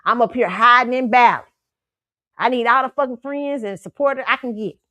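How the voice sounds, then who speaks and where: Host, woman, AAVE, blunt and profane, a bit high-pitched, dry close mic. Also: fairly quick, no room sound. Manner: blunt, profane, scolding and animated. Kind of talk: casual pop culture commentary. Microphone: streaming microphone.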